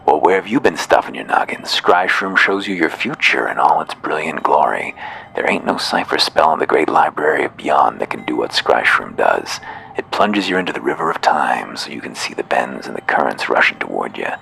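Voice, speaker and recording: Man reads pushy merchant, folksy drawl, lively swings in the delivery. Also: extremely low pitch, normal speed, gravelly, slight background noise, heavily acted. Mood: pitching. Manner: salesman patter, drawling folksy slang. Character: folksy fast-talking male mushroom merchant, pushy.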